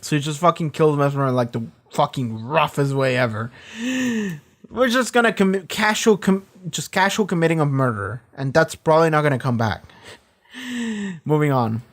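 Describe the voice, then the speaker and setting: A man talks through a show in casual reaction commentary. His voice sits a little high, and he rambles with plenty of fillers and cursing. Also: normal speed. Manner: loose, profane retelling full of fillers. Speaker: reaction video host.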